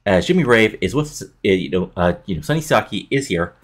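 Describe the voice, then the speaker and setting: Man, casual game commentary, rambling, filler words, low voice, fast pace. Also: expressive. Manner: rambling, many fillers like "you know". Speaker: game player narrating a wrestling booking game.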